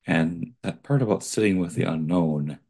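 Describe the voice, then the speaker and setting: A man's voice: low-pitched, moderate pace, dark tone, slightly rough. A man reading an article aloud and breaking off to add his own digressive comments.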